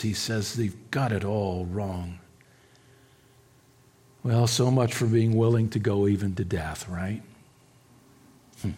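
With a breathy, somewhat low voice, the pastor works through an expository sermon, dropping to near-whispers and then rising into emphatic passages. He often stumbles, restarts, and says words twice.

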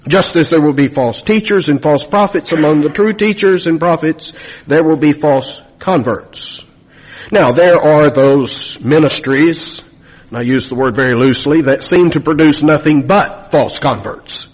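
A man's voice: fairly high pitch, a little slow, breathy edge. A pastor in his fifties, a man preaching an emphatic sermon full of rhetorical questions.

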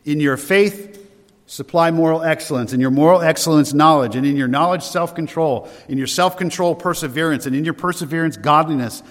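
A man's voice: a little high, fairly quick, big-room sound. A man preaching a sermon as a pastor, conversational and given to rhetorical questions.

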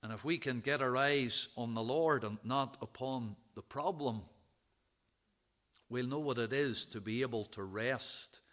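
A man preaching a sermon, reading out scripture verses and dwelling on them in a measured, emphatic way. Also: mid-range voice, a bit bright.

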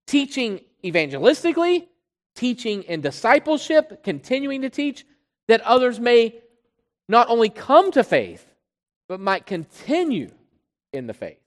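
A preacher giving an expository sermon, pressing hard on key words and then dropping low and quiet, often repeating phrases while building a point. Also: wildly swooping pitch, a little slow. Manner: emphatic, swinging between loud stresses and quiet drops. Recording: long hall reverb.

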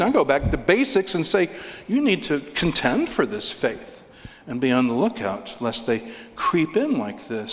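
A fairly high-voiced male preacher delivers an emphatic, conversational sermon. He keeps asking his listeners questions and then answers them himself. His voice rings with a long hall reverb.

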